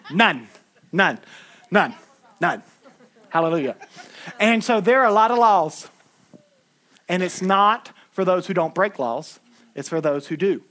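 A man, preaching a lively sermon with folksy asides and shouted lines. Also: high voice.

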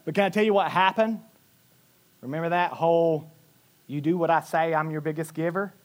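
Man, pastor, sermon, high voice, animated storytelling, loud-to-soft swings. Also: fairly quick. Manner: animated storytelling, acting out quotes with big swings in loudness.

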